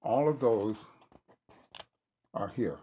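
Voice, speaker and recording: A man reading aloud from a book he wrote, deliberate and halting, stopping to correct himself. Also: fairly low pitch, lively intonation, warm tone, husky, muffled recording. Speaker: author reading his own book.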